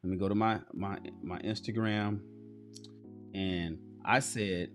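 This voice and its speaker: A man's voice: fairly low pitch, fairly even intonation, slow pace, faint music behind. A man hosting a livestream, giving casual commentary, swearing freely and talking straight to his chat. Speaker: livestream host.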